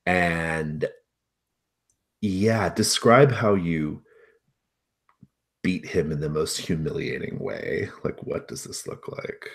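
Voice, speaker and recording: A man's voice: deep voice, slow, pauses often, breathy edge. A man narrating as game master of a tabletop role-playing game, talking with many hesitant fillers.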